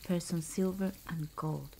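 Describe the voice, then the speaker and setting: A woman voicing wary, greedy male thieves in a whispered role-play, hushed and nervous. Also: fairly low pitch, fairly even intonation, unhurried, slight background noise, poor audio.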